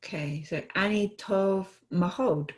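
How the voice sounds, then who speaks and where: A woman taking part as a student in a live online language lesson, cheerful and quick to laugh. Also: mid-range voice, slightly rough. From half Scottish. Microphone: video call.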